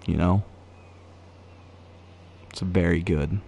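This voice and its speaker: A man streaming a game, chatting casually with viewers in a goofy, rambling way that jumps into excited yelps. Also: on the low side, normal speed. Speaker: gaming streamer. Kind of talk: casual live-stream chat.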